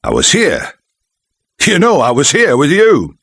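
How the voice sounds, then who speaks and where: A man's voice: on the high side, huge pitch swings, measured pace, gravelly, a bit bright, breathy edge, no echo, studio quality, pitched above the performer's own voice, full character voice. A man voicing an angry, defensive married man who answers in short, snapping lines. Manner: curt, snapping.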